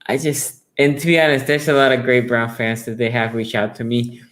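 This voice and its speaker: Excitable rambling sports talk host, a man. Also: a little fast. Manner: rambling and restarting, then bursting into high excited storytelling; reads viewer comments aloud and answers them. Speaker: sports talk show host taking callers. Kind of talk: casual fan chat on a sports show.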